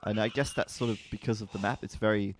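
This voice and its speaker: A man's voice: lowish voice, steady tone, fast talker, a little hiss or hum. A man casting a strategy game match in a casual, joking way, sometimes stumbling over names. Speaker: esports commentator.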